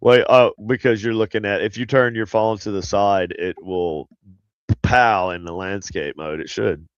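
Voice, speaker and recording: A man's voice: fairly low pitch, steady tone, a little slow, smooth, no echo, lo-fi sound. A man hosting a casual live stream, with a nasal voice from plugged sinuses, rambling and chatty as he reads viewer comments aloud. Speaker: show host.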